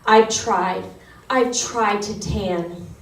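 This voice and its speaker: A woman's voice: medium pitch, very slow, background noise. A woman performing a self-mocking stand-up set on a comedy club stage, with wry asides. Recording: roomy club sound from a distance.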